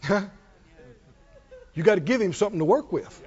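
A man's voice: high-pitched, expressive, moderate pace, darkish tone. A man preaching a sermon in a church, with emphatic call-and-response preaching. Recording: long hall reverb, dull lo-fi sound.

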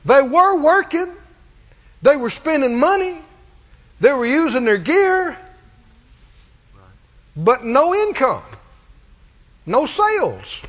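A man with a strikingly high voice preaches a sermon, pressing each point and calling on the congregation to answer back. The sound is muffled and lo-fi, with a long reverb trailing off the walls of a church hall. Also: fairly bright tone. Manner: emphatic call-and-response preaching.

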